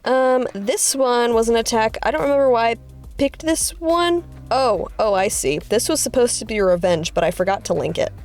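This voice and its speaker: A woman artist casually talking through her drawings, chatty and rambling, with excited high-pitched bursts. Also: moderate pace, soft background music. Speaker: artist vlogger. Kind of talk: casual art commentary.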